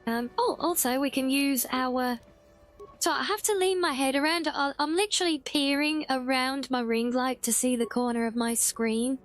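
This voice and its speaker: A woman's voice: high-pitched, normal speed, soft background music. A woman livestreaming a game, chatting casually with her chat, giggly and bubbly.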